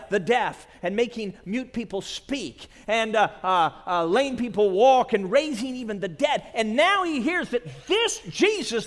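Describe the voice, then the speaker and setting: A man preaching a sermon at a conference, dramatic, dropping to a hush and then rising to shouts. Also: high-pitched. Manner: dramatic, swings from hushed to shouting. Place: large conference hall. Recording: long reverb of a large hall.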